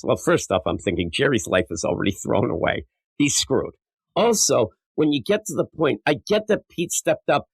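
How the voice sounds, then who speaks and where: A man's voice: mid-range voice, expressive, normal speed, vocal fry, slightly rough, no echo. A man hosting a casual comic book podcast, rambling and profane, and acting out characters' lines as he goes. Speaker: podcast host.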